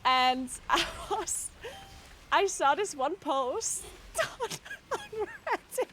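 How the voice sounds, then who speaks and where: A woman livestreamer talks loosely into her microphone, breaking into giggles between restarted sentences. Her voice sits very high and leaps around expressively. She takes her time and drops casual swears. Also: very animated, very slow, a bit bright, a little hiss or hum. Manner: giggly, breaks into frequent laughter. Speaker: streamer.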